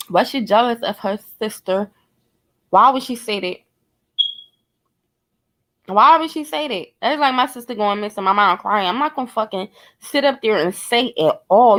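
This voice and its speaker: A woman with a fairly high, slightly bright voice offers blunt, profane true crime commentary in a casual vlog. She speculates and talks straight to her viewers.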